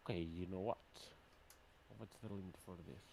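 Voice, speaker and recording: A man running a tabletop game as game master, thinking aloud in a plain, even way. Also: low-pitched, moderate pace, a little hiss or hum.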